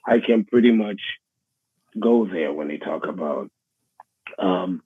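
A middle-aged man with a New York accent, a musician being interviewed, speaking in a halting, reflective way with many restarts. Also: deep voice, expressive. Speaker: guest musician. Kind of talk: casual interview conversation. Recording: husky voice over a tinny phone line.

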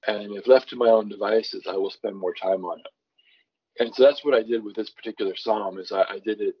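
Husky-voiced man, low and muffled. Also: steady tone, fairly quick. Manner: thoughtful, restarts often, reads scripture aloud with varied emphasis. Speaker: songwriter guest. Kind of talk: conversational explanation.

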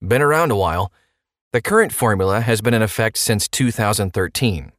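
A man's voice: fairly low pitch, lively intonation, fairly quick, a bit bright, no echo, studio quality. A man hosting a podcast and explaining a money topic in a playful way, with rhetorical questions and jokey asides. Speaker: podcast host.

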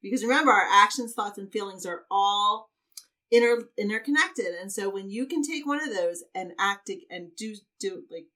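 A woman's voice: mid-range voice, moderate pace, bright, forceful tone, distant mic. A woman podcast guest speaking in an encouraging, coaching tone in casual chat.

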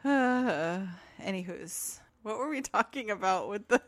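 A woman's voice: medium pitch, expressive, unhurried, slight background noise. A woman co-hosting a podcast as a therapist, playful and laughing often, with a frog in her throat. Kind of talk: casual podcast chat.

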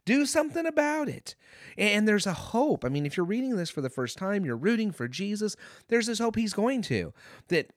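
A man's voice: high voice, very animated, normal speed, no room sound, studio quality. A man hosting a devotional podcast, talking earnestly through a Bible passage with fillers and restarts. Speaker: podcast host.

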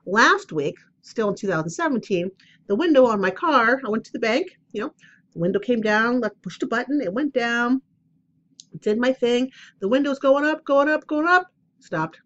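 A woman's voice: on the high side, moderate pace, lo-fi sound. Chatty woman rambling at home. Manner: chatty, rambling, self-deprecating, animated storytelling. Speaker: oracle card reader. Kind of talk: casual rambling vlog chat. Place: at home, indoors.

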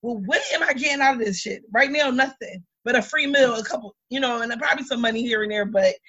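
A woman in her thirties co-hosting a podcast, telling a story in blunt, lively chat with lots of swearing. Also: fairly high pitch, fast talker, husky, highs cut off. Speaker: podcast co-host. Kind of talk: casual chat.

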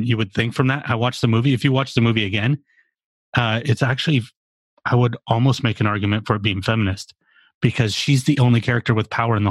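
A man's voice: mid-range voice, no room sound. A man in his forties in a casual podcast chat, rambling and profane with lots of fillers. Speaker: podcast co-host.

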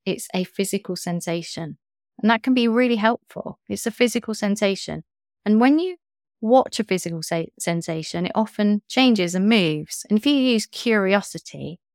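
Gentle soothing woman coach. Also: medium pitch, smooth, no room sound, clean studio sound. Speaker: coach, podcast guest. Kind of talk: interview talk.

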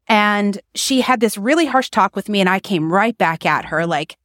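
A woman's voice: mid-range voice, expressive, normal speed, fairly bright tone, dry recording, clean studio sound. A woman guest on a podcast, talking candidly about running a clinic, blunt and emphatic, with self-mocking laughs. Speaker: podcast guest, acupuncture practice owner. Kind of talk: candid interview talk.

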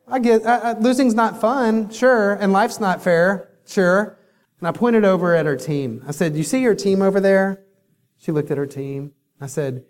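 A man's voice: a little high, darkish tone. Emphatic man giving a motivational keynote. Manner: emphatic, storytelling with dramatic pauses. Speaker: keynote speaker. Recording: long hall reverb.

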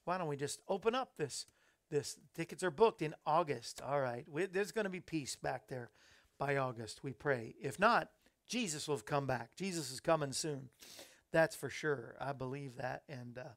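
A man's voice: fairly high pitch, lively intonation, normal speed, a bit bright. A man hosting a casual live-streamed Christian talk show, upbeat and folksy as he greets viewers by name. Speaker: host.

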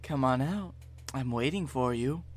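A man voicing a cold, taunting woman villain in a comedy podcast story, with low-key menace. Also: animated, unhurried, a crowd in the background, lightly acted.

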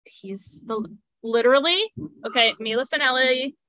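A woman with a slightly high, sharp voice talks at a moderate pace as a podcast guest, going on at length in casual chat. She's talkative, full of fillers, and laughs between points, and the recording is dry.

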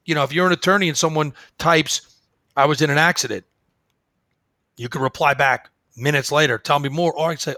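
A man with a fairly high voice talks as a podcast guest, telling stories and acting out the dialogue with energy. His recording is dry and close, with no room sound. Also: fairly quick, no room sound. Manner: animated storyteller, acts out quoted dialogue. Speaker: guest, phone service business owner. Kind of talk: conversational podcast interview.

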